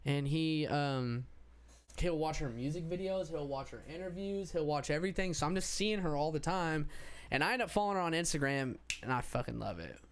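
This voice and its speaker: Smooth-voiced young man rambling casually. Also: fairly high pitch, expressive, a little fast. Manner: rambling, restarts, swears freely. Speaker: podcast host. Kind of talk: casual chat.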